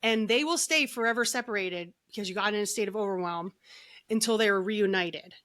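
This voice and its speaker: A middle-aged woman, a guest on a podcast, telling her story in an animated way and acting out the lines of others. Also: mid-range voice, a little fast. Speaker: podcast guest, energy healer.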